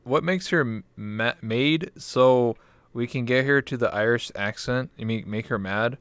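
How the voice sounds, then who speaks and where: Laid-back man with a smooth voice. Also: mid-range voice, measured pace, fairly bright tone, no echo. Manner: laid-back, swears freely. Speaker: host. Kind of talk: casual interview chat.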